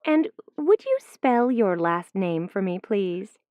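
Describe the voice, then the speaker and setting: A woman's voice: medium pitch, big pitch swings, dry recording. A woman playing a polite phone clerk. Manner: courteous, measured questioning. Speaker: customer service clerk in a listening exam recording. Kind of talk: scripted exam dialogue. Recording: dry muffled studio recording.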